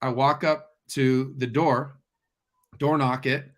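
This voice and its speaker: A man, a guest real estate investor, telling a story in casual conversation and acting out the dialogue with lively delivery. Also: medium pitch, slow.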